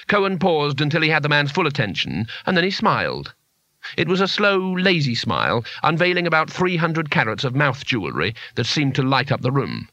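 A man narrating a fantasy story in a measured, expressive storytelling manner. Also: mid-range voice, no echo, muffled recording. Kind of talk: audiobook narration.

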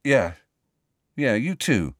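A man's voice: medium pitch, sing-song, slow, no room sound, studio quality. A man voicing a troubled, earnest teenage boy wizard in an audiobook, hesitant and blunt.

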